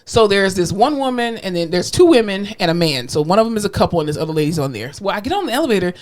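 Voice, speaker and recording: A woman's voice: medium pitch, rapid-fire. A young woman co-hosting a casual podcast chat, telling hospital stories animatedly, acting out what people said and laughing often. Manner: animated storyteller, acts out quotes, laughs often. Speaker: podcast co-host, therapist.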